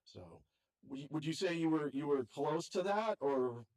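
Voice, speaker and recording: A man's voice: on the high side, animated, normal speed, a little mellow. An older man interviewing a guest in a chatty, self-deprecating way, often trailing off. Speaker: interview host. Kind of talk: casual conversation.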